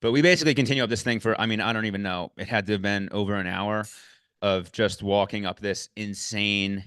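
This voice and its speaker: A man in casual chat recapping an ultramarathon, getting loud and high when excited and swearing freely. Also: fairly quick, clean tone, dry recording, studio quality. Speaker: podcast host recapping a race.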